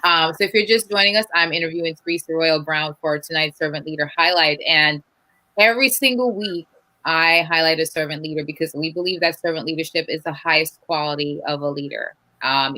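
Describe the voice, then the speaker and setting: Show host, woman, very low voice with a crisp bright edge, dry close sound, encouraging. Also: no echo, poor audio. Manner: affirming, encouraging interviewer. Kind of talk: interview hosting.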